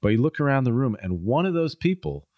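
A man's voice: mid-range voice, very animated, fairly quick, dry recording, muffled recording. A middle-aged man, a guest in a casual conversation, telling stories and acting out the people he quotes. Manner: storytelling, acts out quoted people in a raised voice.

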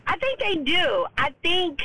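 A woman's voice: very high-pitched, big pitch swings, measured pace, pushed and bright, rough recording. A woman political strategist speaking as a guest on a talk show, forthright and emphatic. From Chicago. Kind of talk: casual political radio chat.

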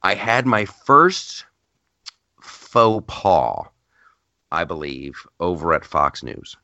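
This podcast host has a deep voice and a slow pace, recorded with no echo. He chats casually and tells stories with lots of animation, frequently starting his sentences over.

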